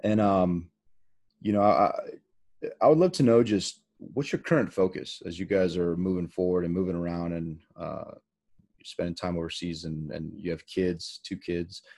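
A man's voice: sits low, fairly even intonation, moderate pace, a little mellow. A middle-aged man co-hosting a podcast, talking in a rambling, joking way with many restarts. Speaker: podcast co-host. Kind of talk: casual interview chat.

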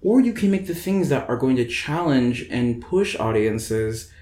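A man's voice: mid-range voice, animated, unhurried, warm tone. A man in his twenties hosting a podcast, chatting casually and rambling with lots of "like" fillers. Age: 20s. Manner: rambling, many "like" fillers, theatrical. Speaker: podcast host. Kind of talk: casual chat. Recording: roomy echo.

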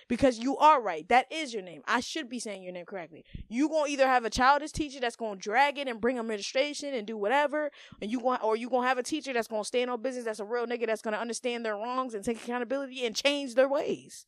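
Blunt, profane, and emphatic, a young woman gives slangy advice in a casual podcast monologue as host. Her voice is a little high and her pace quick, captured in studio quality with no echo.

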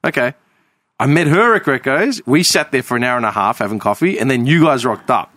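Australian man, lively storyteller, dry close sound, casual banter. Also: mid-range voice, fairly quick, dry recording. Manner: storytelling, swears freely. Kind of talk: casual chat.

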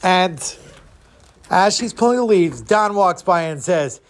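Male storyteller, playful and animated folktale reader for children, slightly higher voice. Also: moderate pace. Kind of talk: retelling a folktale to kids.

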